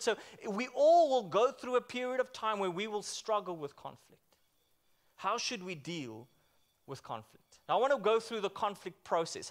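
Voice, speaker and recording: A man preaching a church sermon in a conversational way, often asking the congregation questions and repeating himself as he restarts. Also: high voice. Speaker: pastor.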